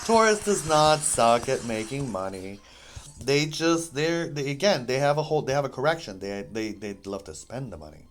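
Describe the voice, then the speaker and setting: A man's voice: mid-range voice, animated, normal speed, low-quality recording. A man casually chatting while playing a game, rambling between topics with jokey, apologetic asides. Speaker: gaming video host.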